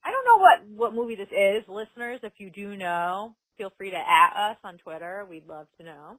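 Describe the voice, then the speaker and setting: A woman's voice: medium pitch, expressive, moderate pace, a bit bright, low-quality recording. A woman co-hosting a podcast, casually recapping a TV episode and acting out the characters' lines. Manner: chatty storyteller who acts out characters' lines. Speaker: podcast co-host.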